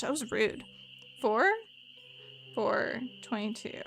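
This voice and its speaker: A woman's voice: a little high, a little slow, sharp tone, soft background music. A woman streaming a mystery game, chatting casually and rambling in asides to her viewers. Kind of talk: casual let's-play chat.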